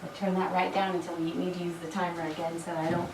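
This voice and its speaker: A woman's voice: lowish voice, fairly even intonation, fast, hardly any pauses, a little mellow. Woman fitness coach, chatty rep-counter, a touch froggy, recorded from a distance in a noisy, echoey room. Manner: encouraging, chatty asides between counted reps. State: frog in her throat. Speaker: fitness instructor. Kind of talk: workout instruction with rep counting. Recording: echoey room, mic far off.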